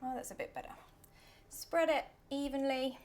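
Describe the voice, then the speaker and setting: A woman in her thirties hosts a casual cooking demo in a kitchen, speaking in a high voice at a moderate pace. She's chatty and playful, now and then lowering into soft, self-deprecating asides.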